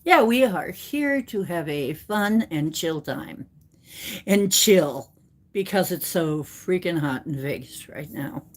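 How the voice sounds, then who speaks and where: Very slow, playful woman livestreamer. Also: on the low side, animated. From United States. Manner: silly, playful, jumping between put-on accents and sing-song bits. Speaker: livestream card reader. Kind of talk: casual livestream chat.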